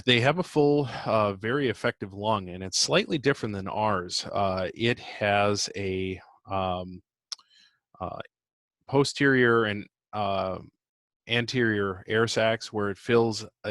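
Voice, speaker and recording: A male biology instructor talks through a recorded lesson in a somewhat low voice. He speaks haltingly, pausing on fillers and correcting himself as he goes. The sound is dry, with no room echo. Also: a bit bright. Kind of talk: recorded lecture.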